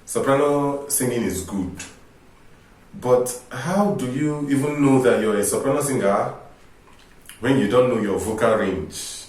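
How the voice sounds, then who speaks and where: A man's voice: medium pitch, a little slow, darkish tone. A man coaching singers, explaining with rhetorical questions in an informal teaching talk. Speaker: vocal coach. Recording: echoey room, distant mic.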